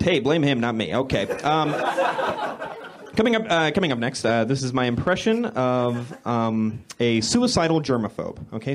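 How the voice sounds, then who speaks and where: A young male comic delivers a stand-up set in an awkward, deadpan way, tripping over his own words and sometimes working up to a shout. His voice is fairly high and very animated. Laughter from the crowd and steady noise run through the live club recording. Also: normal speed. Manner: awkward deadpan, self-correcting, builds to shouting rants. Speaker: stand-up comedian. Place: comedy club stage.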